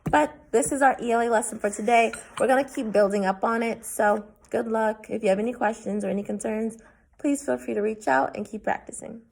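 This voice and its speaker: A young woman teacher recording a remote lesson, saying each word slowly and carefully. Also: fairly high pitch, steady tone, vocal fry, a little mellow.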